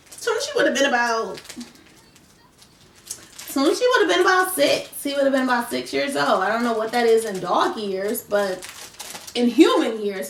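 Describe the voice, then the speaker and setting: A woman with a fairly high, slightly bright voice tells a storytime on her vlog, talking casually and animatedly right to her viewers. The mic is distant, so the recording sounds roomy and off-mic, with faint background noise.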